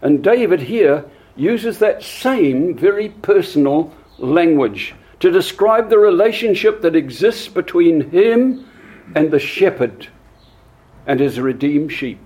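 Slow deliberate preacher man. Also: a little high, animated, a little mellow. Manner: slow and deliberate, with frequent repeated words. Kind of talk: sermon.

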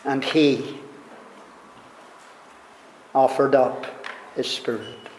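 A man preaching a sermon in a slow, deliberate way, his delivery rising into emphatic swells. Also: medium pitch, steady tone. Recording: echoey hall reverb, faint room noise.

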